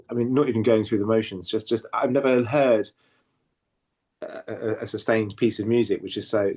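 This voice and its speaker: A man's voice: lowish voice, darkish tone. A man co-hosting a podcast, ranting and swearing in casual chat, often stumbling and repeating words. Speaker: podcast co-host.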